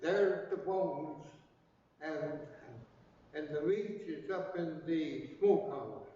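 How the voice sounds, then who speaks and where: An older man voicing a boastful little male bird in a story, raising his voice higher for its replies, recorded in an echoey hall from a distant, dull mic. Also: slow, warm tone. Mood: boasting.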